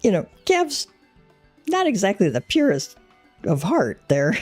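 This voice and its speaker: A woman streaming a game, chatting in a relaxed, easygoing way and laughing easily. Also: mid-range voice, a little slow, slightly rough, faint music behind. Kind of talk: casual gameplay chat.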